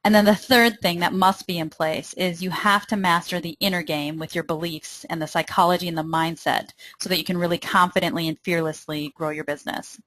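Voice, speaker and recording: A woman's voice: fairly low pitch, fairly bright tone, no echo. A young adult woman with a Minnesotan accent, presenting a marketing webinar in an upbeat, persuasive way and speaking straight to her listeners.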